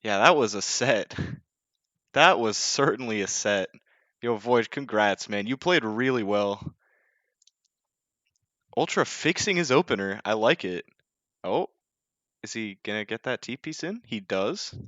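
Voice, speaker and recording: A young man calling a live game in a casual, joking tone, quick to poke fun at himself. His voice sits a little low. The home mic sounds dry and slightly dull. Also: lively intonation, fairly bright tone, dry recording. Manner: casual, joking, self-deprecating, with many fillers. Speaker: esports caster.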